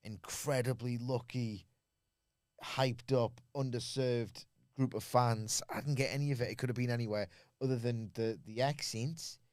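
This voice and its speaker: A man's voice: medium pitch, fairly even intonation, a little mellow, dry recording, studio quality. A man co-hosting a podcast, giving a wry, rambling wrestling show review in casual chat. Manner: wry, rambling, quick bursts.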